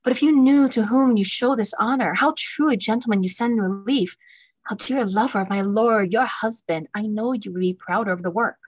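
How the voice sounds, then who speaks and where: A woman reading the part of a courteous young gentleman in an unrehearsed play reading, steady and polite. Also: on the high side, moderate pace, slightly rough, no echo, low-quality recording.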